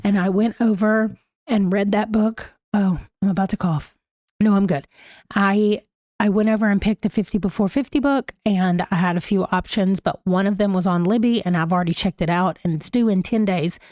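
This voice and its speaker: A woman's voice: mid-range voice, moderate pace, darkish tone, no room sound, studio quality. A woman, chatting casually about her reading in a book vlog while sick and a little strained. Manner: chatty, gushing, Southern "y'all". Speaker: booktuber host. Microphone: desk microphone.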